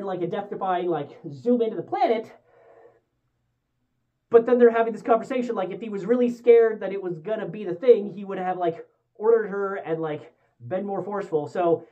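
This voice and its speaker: A woman's voice: medium pitch, narrow, tinny audio. A young woman giving a casual movie review, rambling and candid with many fillers and restarts. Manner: rambling and candid, with frequent fillers and self-corrections.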